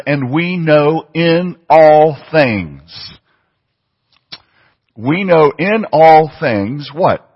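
A man's voice: medium pitch, husky. A man preaching a sermon, emphatic and fond of repeating phrases for stress. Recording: muffled audio with long hall reverb.

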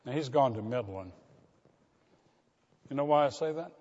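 Older man, pastor, sermon, earnest, asks the congregation questions, mid-pitched voice, long reverb. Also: expressive, moderate pace, a little mellow, a little hiss or hum. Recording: dull recording with long hall reverb.

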